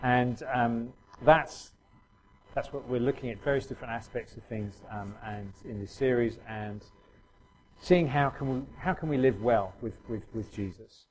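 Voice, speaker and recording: A middle-aged man preaches in a relaxed, conversational way, stumbling through restarts and fillers as he talks to the congregation. His pitch sits in an ordinary middle range. A faint noise runs under the recording. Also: measured pace, rough recording. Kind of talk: sermon.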